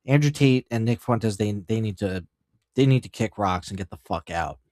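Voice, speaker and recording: A man's voice: fairly low pitch, animated, moderate pace, darkish tone, no room sound, clean studio sound. A man hosting a casual livestream, ranting in a profane, rambling way and riffing on headlines he reads aloud. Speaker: streamer host.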